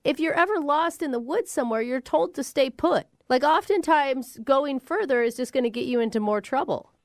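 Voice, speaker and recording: A woman's voice: sits high, lively intonation, moderate pace, no room sound. A woman co-hosting a radio show in the studio, frank and teasing as she weighs in on a caller's story. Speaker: radio co-host. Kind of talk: morning radio banter.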